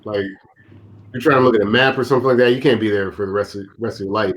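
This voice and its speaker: A man's voice: fairly low pitch, fast talker, a little hiss or hum. A man co-hosting a casual chat, talking in a laid-back, slangy way. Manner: laid-back, slangy, says bro and dude.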